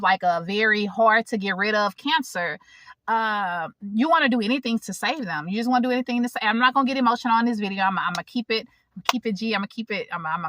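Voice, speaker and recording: A woman's voice: medium pitch, bright, forceful tone, dry recording. A woman, telling a personal story in a casual vlog from her parked car, chatty and informal, talking straight to her viewers. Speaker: vlogger. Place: parked car in a public area.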